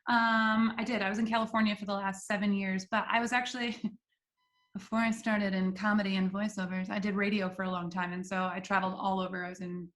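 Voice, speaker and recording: A woman with a New Jersey accent joins a chat show over a video call. She is a comedian and talks in a lively, laughing way, cursing casually as she goes. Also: mid-range voice, a little fast. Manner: lively, laughing, swears freely. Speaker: guest comedian and voice actor.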